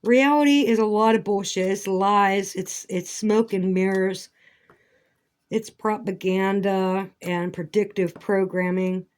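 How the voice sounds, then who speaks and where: A woman's voice: mid-range voice, steady tone, slow pace, darkish tone. A woman rambling through a casual vlog monologue, swearing and breaking into indignant outbursts. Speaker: vlogger.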